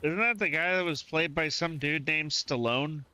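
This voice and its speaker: A man's voice: a little high, normal speed, sharp tone. A man from the southern United States chatting and reacting aloud as he streams live gameplay, keeping a mostly neutral way of speaking.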